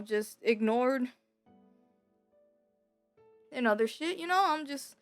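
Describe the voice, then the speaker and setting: A young woman with a fairly high voice tells a personal story in casual, rambling talk. She swears freely, repeats herself, and grows louder and more emotional when upset. The room sounds dry, with soft music playing underneath. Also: no echo. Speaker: streamer.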